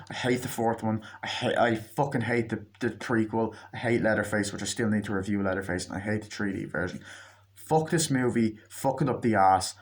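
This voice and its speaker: Profane ranting man reviewing a movie. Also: on the low side. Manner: blunt, profane ranting with many restarts. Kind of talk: casual spoken review.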